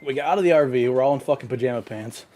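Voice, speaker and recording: A man's voice: medium pitch, very fast, dark tone. A man co-hosting a casual podcast, telling a profane story and acting out what others said. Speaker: podcast co-host.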